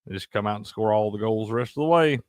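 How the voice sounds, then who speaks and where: A man's voice: lowish voice, fast talker, no echo, studio quality. A man co-hosting a casual sports betting chat, cursing freely and laughing often. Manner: profane, animated, laughs a lot. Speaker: sports betting show co-host.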